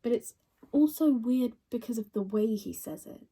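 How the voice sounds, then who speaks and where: A sardonic young woman in her twenties delivers a stage monologue full of dry, crude asides. Her voice is dark and a little husky. She sounds a touch distant from the mic. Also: on the high side, moderate pace. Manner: wry, deadpan, crude asides. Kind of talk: theatrical monologue.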